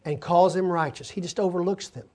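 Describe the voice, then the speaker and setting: Speaking at a normal speed in a high-pitched, slightly mellow voice, a man teaches a sermon by explaining words. He addresses the congregation directly and calls on them for help.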